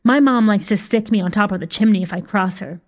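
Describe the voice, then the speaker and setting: A woman's voice: medium pitch, a little fast, darkish tone, close to an everyday voice. A woman voicing a bossy, scornful young witch girl.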